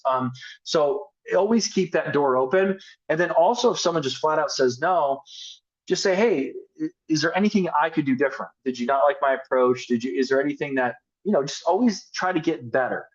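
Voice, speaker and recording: A network marketing team leader delivers a casual, energetic motivational talk about sales and team building, acting out sample conversations as he coaches. His voice is on the high side and fairly quick, and the recording has its highs cut off.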